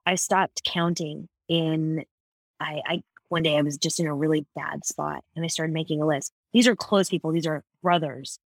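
A woman speaks in a relaxed podcast chat, her voice swinging between soft, low moments and lively, laughing bursts. The sound is close and dry, with no room around it. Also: moderate pace, no room sound. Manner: animated storyteller, laughs often. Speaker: podcast guest. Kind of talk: casual conversation.

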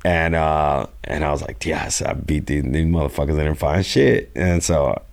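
A man's voice: extremely low pitch, steady tone, moderate pace, gravelly. A man telling a rambling, profane story in a casual interview. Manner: profane, rambling, acts out quotes. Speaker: guest.

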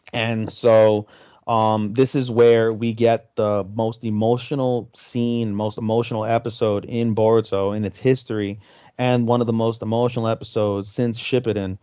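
A man's voice: medium pitch, a little mellow, no echo, muffled recording. A man co-hosting a podcast, casually retelling an episode and acting out the characters' lines as he goes. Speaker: podcast co-host.

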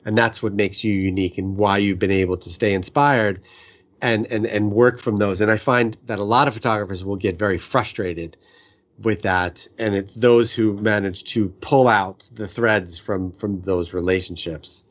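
Man, middle-aged, from the New York area, interview host, low voice, dull lo-fi sound. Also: steady tone, normal speed. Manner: eager, repeats words as he starts a sentence. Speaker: podcast host interviewing a photographer. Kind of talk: conversational interview.

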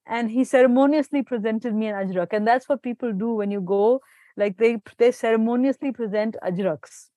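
A woman from Pakistan talking in a casual panel conversation, often pausing and restarting as she searches for words. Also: a little high, warm tone, dry recording.

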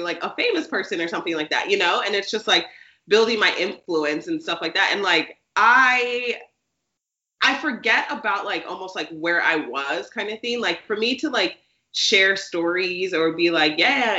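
Young woman podcast co-host, rambly, "like"-heavy, bright sharp tone, echoey lo-fi room. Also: mid-range voice. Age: young adult. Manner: rambling, says "like" constantly. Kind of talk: casual chat. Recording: echoey room, dull lo-fi sound.

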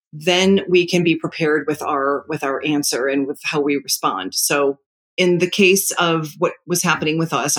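Calm middle-aged parenting advisor. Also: mid-range voice. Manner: calm, measured, explains with personal stories. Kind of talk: casual advice talk.

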